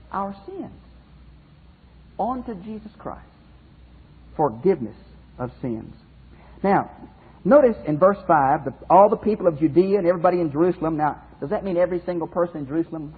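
A man teaching scripture as a pastor, his voice high and swinging widely up and down as he drives each point home. He repeats phrases and speaks directly to his listeners. The sound is thin and phone-like, with a husky edge. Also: animated, moderate pace, pauses often. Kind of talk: Bible teaching lecture. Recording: phone-like narrow band audio.

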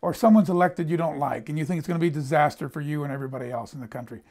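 Very fast and a little mellow, the slightly high voice of an older American preacher carries a sermon full of personal stories. He speaks conversationally, often repeating words while restarting a sentence.

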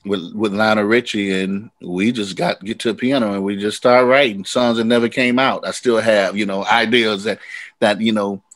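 A man who is a singer-songwriter guest, telling animated, rambling stories in a casual interview. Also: lowish voice, moderate pace, dry recording. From United States.

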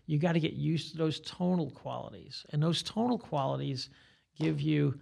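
An older man, a guitar teacher, talking in a relaxed podcast chat and rambling through examples as he explains. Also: fairly high pitch, normal speed, creaky. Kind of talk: casual podcast conversation.

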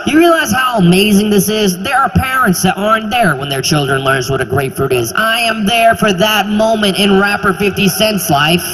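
A man in his twenties performing a stand-up comedy routine, animated and incredulous, sometimes bursting into shouts, on a handheld mic on a theater stage. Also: high voice, moderate pace, noisy background. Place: theater stage before a live audience. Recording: reverberant live hall, faint ambience.

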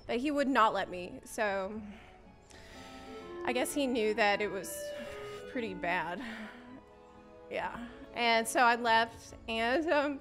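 A high-pitched woman streamer chats through a story in a casual, animated way. She laughs often and acts out the lines people said to her, with faint music playing underneath. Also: takes it slowly, pauses often.

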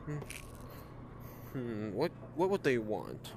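A man casually commenting as he plays a game, talking slowly and muttering sarcastic reactions. His pitch moves around a lot. Clear background noise runs under his voice. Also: big pitch swings. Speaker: gameplay streamer.

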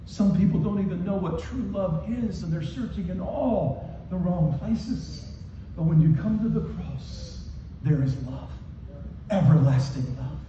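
An unhurried pastor with a high-pitched, warm voice and lively intonation delivers an impassioned sermon. He calls out to the congregation in the church hall as he goes, in call-and-response. There is slight background noise in the echoey, distant, muffled recording.

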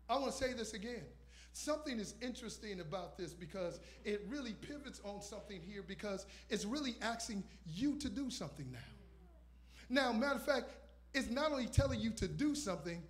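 A man's voice: high-pitched, animated, moderate pace. A man in his fifties preaching a sermon as pastor, emphatic, repeating lines for emphasis. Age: 50s. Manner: emphatic preaching with repetition and call-outs.

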